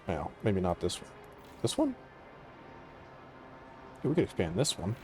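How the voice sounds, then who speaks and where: Low-voiced man muttering through a game. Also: huge pitch swings, unhurried, faint music behind. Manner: mumbling to himself, trailing off into quiet asides. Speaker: gaming channel host. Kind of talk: casual game commentary.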